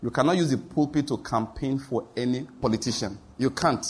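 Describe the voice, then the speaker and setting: This sermon comes from a pastor with a mid-range, breathy-edged voice who speaks fairly quickly. He tells anecdotes, acts out what people said, and laughs along at his own stories.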